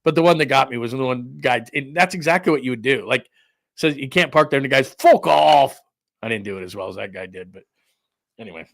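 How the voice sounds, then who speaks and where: A man's voice: mid-range voice, fast, fairly bright tone, no echo. Man, sports show host, middle-aged, casual rambling talk, laughs a lot, dry close sound. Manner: rambling storytelling with frequent laughs. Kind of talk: casual chat.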